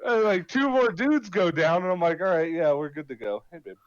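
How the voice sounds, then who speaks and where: A man's voice: sits high, a little fast, no room sound, highs cut off. A man in casual voice chat swearing freely as he tells a mission story, acting out what everyone said. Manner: animated, swearing, acting out his own lines. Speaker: gamer telling a mission story.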